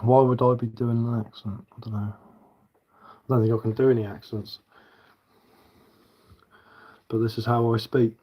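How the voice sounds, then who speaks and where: A man's voice: mid-range voice, level tone, brisk, lo-fi sound. A man with a southern English accent tinged with London, chatting casually on a live stream in a rambling, easygoing way with plenty of fillers. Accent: southern English with London influence. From south of England. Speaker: bushcraft livestreamer.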